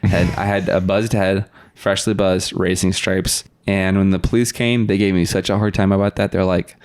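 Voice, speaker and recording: A man's voice: low voice, flat delivery, normal speed, hardly any pauses, darkish tone. A young man, a podcast guest, casually telling stories and laughing often. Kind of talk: casual storytelling.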